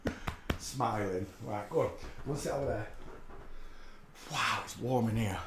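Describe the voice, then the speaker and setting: A man chatting excitedly as he unboxes a parcel, cooing softly to his dog in between. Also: on the low side, moderate pace, reverberant, background noise. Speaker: channel host. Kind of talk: casual unboxing chat.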